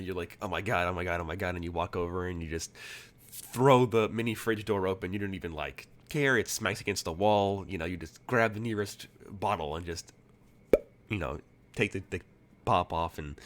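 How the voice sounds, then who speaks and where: A man's voice: low voice, normal speed. A man narrating as game master, rambling with many fillers and restarts.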